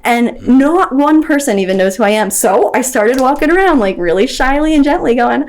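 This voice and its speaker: A woman's voice: expressive, a little mellow. Chatty woman sharing her recovery story. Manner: chatty, quick, acts out remembered dialogue in a higher voice. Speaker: podcast guest. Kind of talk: candid personal storytelling.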